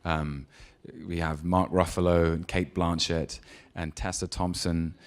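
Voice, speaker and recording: A man with a very deep voice answers interview questions, pausing on ums as he thinks. He tells stories with relaxed ease and breaks into laughter readily. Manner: thoughtful, hesitant with ums, laughs easily. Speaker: actor, interview guest. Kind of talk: relaxed anecdote and advice in an on-stage interview.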